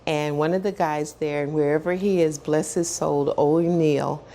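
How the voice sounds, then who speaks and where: A woman in her sixties, a guest in an interview, telling her story with animated energy, acting out what others said and often laughing. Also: low-pitched, normal speed. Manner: animated storyteller who acts out quoted dialogue and repeats words as she builds up.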